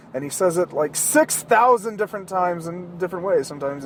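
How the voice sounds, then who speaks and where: A man with a notably high-pitched voice rambles casually from the driver's seat, his talk loose, profane and sarcastic. He jokes his way along as soft road noise hums faintly behind him. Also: lively intonation, a little fast. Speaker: podcast host. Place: inside a moving car.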